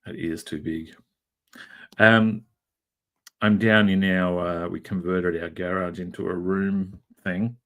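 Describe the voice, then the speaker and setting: Speaking slowly with long pauses, this low-voiced Australian man in middle age keeps a steady tone that's a bit bright. He chats while drawing on stream from his converted garage, telling meandering, joke-filled stories heavy on fillers.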